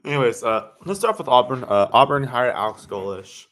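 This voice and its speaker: A man hosting a casual sports livestream, talking in a rambling, halting way and correcting himself often. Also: mid-range voice, sing-song, a bit bright. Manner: rambling, halting, self-correcting with many fillers. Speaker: sports stream host.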